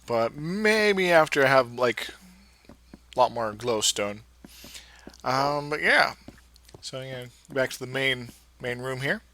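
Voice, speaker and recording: A man's voice: medium pitch, lively intonation, slow pace, long pauses, bright, forceful tone. A man giving casual, rambling commentary over his own gameplay, full of fillers and restarts. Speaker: Let's Play creator.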